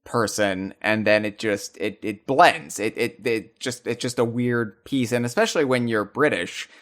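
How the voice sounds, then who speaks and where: A man in casual podcast chat about video games, restarting his sentences often with animated asides. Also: fairly low pitch, measured pace. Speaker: podcast co-host.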